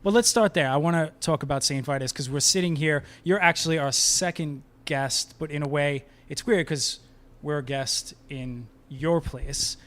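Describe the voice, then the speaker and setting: A man's voice: fairly high pitch, moderate pace, hardly any pauses, fairly bright tone. A man hosting a podcast in a bar, joking and easygoing as he sets up an interview. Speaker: podcast host. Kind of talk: casual podcast chat. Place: closed bar.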